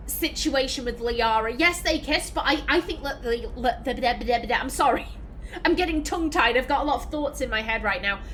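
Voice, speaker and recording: A woman hosting a let's play, musing aloud in chatty, reflective commentary. Her voice is high and bright, with a faint hum underneath. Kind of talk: casual game commentary.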